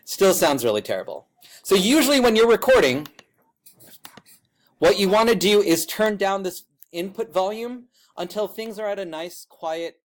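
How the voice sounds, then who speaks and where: High-pitched guy teaching a class, loud teacher voice, chatty and loose. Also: animated, normal speed. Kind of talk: classroom software tutorial.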